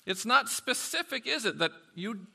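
A man preaching a sermon in an animated, conversational way, swinging from soft asides to loud bursts. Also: very high-pitched, normal speed, gravelly, breathy edge. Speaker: pastor.

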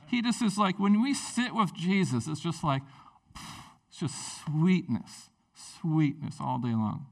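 Guy preaching a laid-back sermon, chatty and animated, mic a bit far off. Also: on the high side, slow pace, vocal fry. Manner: conversational, animated preaching with many fillers. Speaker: pastor.

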